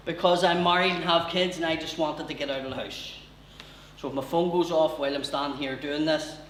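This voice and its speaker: A man in his thirties with a Belfast accent doing a stand-up comedy set, chatty and quick with asides to the crowd. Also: high-pitched, fairly bright tone, slight background noise. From Belfast, Northern Ireland. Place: live comedy venue with audience. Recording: roomy live venue, distant mic, faint ambience.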